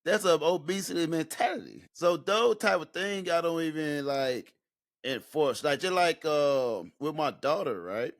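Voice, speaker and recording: A man's voice: on the high side, animated, measured pace. A man from Mississippi co-hosting a podcast, rambling casually with many fillers. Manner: rambling, laid-back, filler-heavy. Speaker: podcast co-host. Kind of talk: casual chat.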